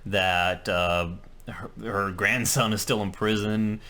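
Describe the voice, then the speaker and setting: A man with a fairly low voice co-hosting a relaxed TV review. He talks in a measured way, recalling the dialogue and unpacking what lies under it. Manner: measured, recalls details and explains subtext. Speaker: co-host reviewing a TV episode. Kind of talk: casual review chat.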